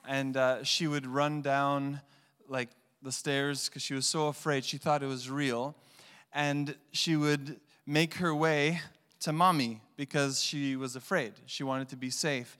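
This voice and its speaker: A man's voice: medium pitch, unhurried, clear, resonant tone. A man preaching a sermon as pastor, telling stories and acting out the voices in them. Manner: animated storyteller acting out voices. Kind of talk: sermon with storytelling. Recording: long hall reverb.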